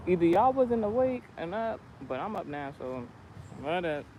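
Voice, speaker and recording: A man telling a rambling, animated story in a casual spiritual vlog, with many restarts, recorded outdoors near a street with passing cars. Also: high voice, moderate pace, slight background noise, low-quality recording. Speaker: vlogger.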